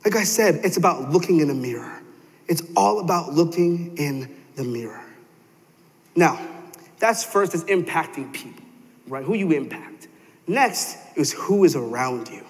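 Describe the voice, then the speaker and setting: A man's voice: on the high side, animated, measured pace. A young man preaching a sermon in a church, telling stories animatedly and acting out quoted voices. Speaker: pastor. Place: church sanctuary. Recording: long hall reverb.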